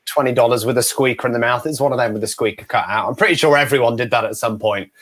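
A man, a guest ventriloquist, telling stories in a lively chat and acting out other people's voices. He talks from a room at home over a video call. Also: mid-range voice, quick pace. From United Kingdom. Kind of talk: animated storytelling in a chat.

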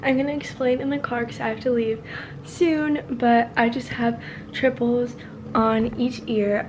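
A young woman vlogs from inside her parked car, talking fast out of nerves and filling her sentences with "like". Her voice sits a little high. Clear background noise runs under the recording. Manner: chatty and nervous, lots of "like". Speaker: vlogger. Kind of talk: casual vlog chat.

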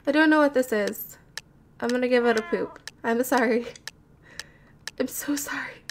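A woman's voice: fairly high pitch, fairly quick, noisy background. Giggly, nervous woman gamer. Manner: chatty, nervous and giggly, talking to viewers. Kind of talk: live commentary while building in a game. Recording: game audio with background music. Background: background music.

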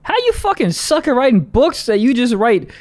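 Dude on a podcast, fast loose banter, swears a lot, voice jumps way up for bits. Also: male voice. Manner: animated, profane, jumps into high-pitched mock voices. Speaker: podcast co-host. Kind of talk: casual chat.

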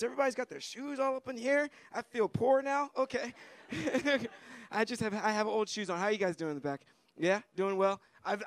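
American man, young adult, stand-up comic, high pitched, bright tone, casual profane banter. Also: no echo. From United States. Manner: loose, chatty crowd work with profanity. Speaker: stand-up comedian. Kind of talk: stand-up comedy set. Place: comedy club stage.

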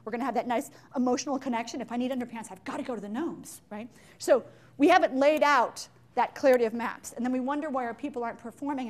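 A woman giving a live business talk to an audience in an animated, joking way, firing questions at the listeners. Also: a little high. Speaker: leadership speaker.

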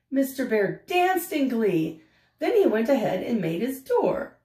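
Older lady reading a picture book out loud, slow, gentle, roomy echo. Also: a little high, big pitch swings. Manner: gentle, asks the listener questions. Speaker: storyteller.

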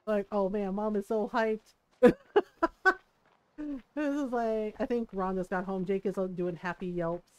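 A woman's voice: mid-range voice, steady tone, measured pace, pauses often, mellow, smooth, dry recording. A woman streaming a game live, bubbly and giggly, rambling and joking at her own expense. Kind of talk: live gameplay commentary.

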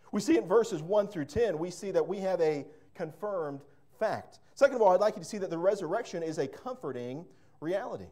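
A man's voice: a little high, dark tone. A man preaching a sermon as pastor, fervent and emphatic, repeating words and breaking into storytelling asides.

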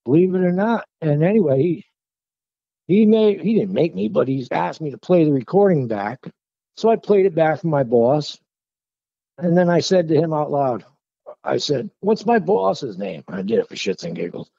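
A man tells his story in a loose, animated, conversational way. His voice has a gravelly rasp. The sound is dull and lo-fi, and the recording is close and dry. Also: on the high side, normal speed, no echo. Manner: animated, conversational, working-class phrasing. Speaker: guest telling his encounter. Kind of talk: casual storytelling to a host. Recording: dull lo-fi call audio.

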